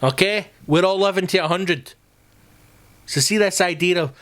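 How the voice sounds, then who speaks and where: Casting: scottish podcast host, sweary rambling comic rant, mid-high voice. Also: male voice, normal speed, pauses often, a bit bright.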